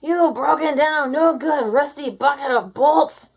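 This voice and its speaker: Woman as a cautious cow, high pitched, anxious, pleading, storybook read-aloud. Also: measured pace. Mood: shouting. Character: cautious worried female cow friend.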